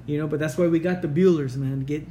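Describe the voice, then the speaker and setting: A man's voice: fairly high pitch, fairly even intonation, fast talker, dark tone, slight background noise, poor audio. A man co-hosting a casual sports chat, laid-back and profane, tacking "man" and "dude" onto his lines. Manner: laid-back, swears often, says "man" and "dude" a lot.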